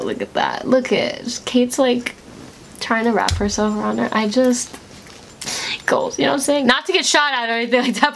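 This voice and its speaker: Excitable high-voiced woman gushing. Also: a little hiss or hum. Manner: gushing, excitable, swings into squeals. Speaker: reaction video host. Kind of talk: casual reaction commentary.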